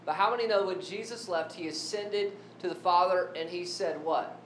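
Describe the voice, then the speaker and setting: A man preaching a sermon who keeps asking the congregation questions. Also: normal speed. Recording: echoey room with faint rumble.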